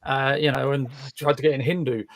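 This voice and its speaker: Gravelly self-deprecating man. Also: mid-range voice, fairly even intonation, fairly quick, no room sound, clean studio sound. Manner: self-deprecating, rambling, chuckling. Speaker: livestream host. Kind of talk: casual group chat.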